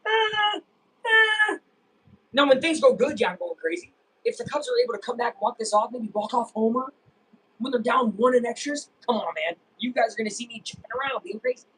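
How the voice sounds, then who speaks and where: A young man casually chatting and reacting while streaming a live baseball game, rambling and breaking into excited yells. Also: very high voice, fast talker, breathy edge, low-quality recording. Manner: rambling, self-interrupting, bursts of excited yelling. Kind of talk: casual live game watch-along chat.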